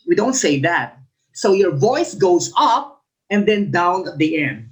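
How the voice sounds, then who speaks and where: A woman's voice: lowish voice, sing-song, unhurried, muffled recording. Female teacher, exam review lesson; reads options, explains, repeats answers, demonstrates intonation. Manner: models example sentences with exaggerated intonation.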